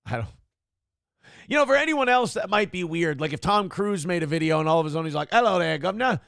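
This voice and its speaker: A man's voice: a little high, expressive, fairly quick, vocal fry, fairly bright tone, no echo. A male morning show host giving comedic, ranting commentary, sarcastic and profane as he mocks celebrities, on a close mic.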